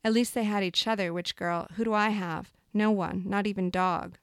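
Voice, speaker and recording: A woman's voice: mid-range voice, fairly even intonation, moderate pace, smooth, dry recording, studio quality, natural voice. A woman voicing a hungry, lonely male bear who pleads and accuses, in a storybook reading. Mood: pleading, accusing. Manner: insistent, growling.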